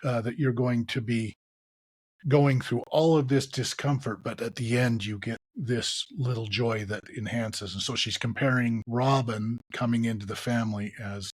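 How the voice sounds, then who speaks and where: Laid-back husky man, dry sound. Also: medium pitch, fairly even intonation, moderate pace, no room sound. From raised in a polygamist group in the US West. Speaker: podcast co-host. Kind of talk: casual reaction chat.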